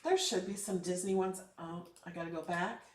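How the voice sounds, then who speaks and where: A woman's voice: lowish voice, moderate pace, echoey room, distant mic. A woman hosting a casual live craft tutorial, chatty and upbeat, encouraging and emphatic when giving advice. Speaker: craft channel host.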